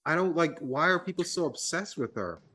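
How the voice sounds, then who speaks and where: Animated man mocking a bad movie. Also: a little high, brisk. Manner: animated, swearing, mocking impressions. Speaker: podcast co-host. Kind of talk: casual film discussion.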